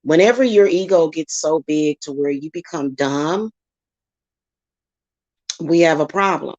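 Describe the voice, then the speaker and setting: Deep and darkish, her voice moves a little slowly as this channel host and spiritual reader fires back at critics with an angry, profane rant. No room sound is present, and the highs are cut off.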